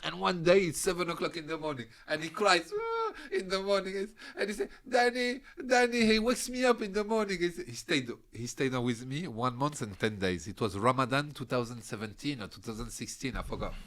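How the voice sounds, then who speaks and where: A man's voice: lively intonation, brisk, hardly any pauses, fairly bright tone. French-accented man telling a rowdy story. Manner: laughs often while telling the story, swears freely; acts out other people's lines in a higher voice. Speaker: podcast guest. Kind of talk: animated storytelling.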